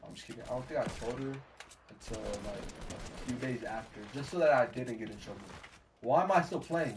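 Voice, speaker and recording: A man streaming a game and telling a story in rambling, slangy chat that often drops to low mutters. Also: normal speed. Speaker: gaming streamer. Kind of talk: casual storytelling while gaming. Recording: distant mic, faint background hiss.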